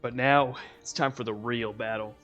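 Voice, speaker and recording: A young man narrating as dungeon master in a relaxed, chuckling way. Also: medium pitch, normal speed, highs cut off, faint music behind. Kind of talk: narrating a tabletop game.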